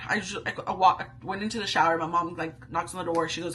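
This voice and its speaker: A woman's voice: medium pitch, quick pace, few pauses, bright, forceful tone, slight background noise, rough recording. A young woman, a stay-at-home mom, telling a candid story to camera in a chatty, casual way full of asides and slang.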